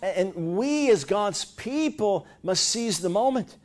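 A middle-aged man preaching a sermon, telling stories in an animated way, with loud high bursts when he acts out what people said. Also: takes it slowly. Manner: animated storytelling, rising to loud high-pitched bursts when acting out quotes.

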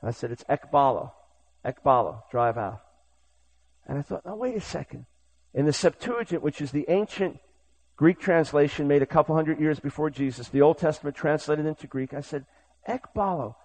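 Male preacher, slightly high voice, fiery and urgent, shifts between exhorting and hushed storytelling. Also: expressive, moderate pace, breathy edge, low-quality recording. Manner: impassioned, urgent, swings between shouting and hushed tones. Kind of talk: sermon.

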